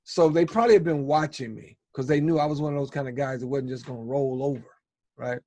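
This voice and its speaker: A man's voice: mid-range voice, fast, a little mellow, no echo. A man in a podcast, telling a personal story in a casual, rambling way and often checking in with "right?". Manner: rambling, conversational, tags lines with "right?".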